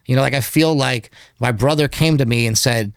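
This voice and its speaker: A man's voice: medium pitch, fairly quick, creaky, clean tone, dry recording, studio quality. A man speaking as a podcast guest in casual interview talk, candid and rambling, with lots of filler words. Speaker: podcast guest, documentary filmmaker.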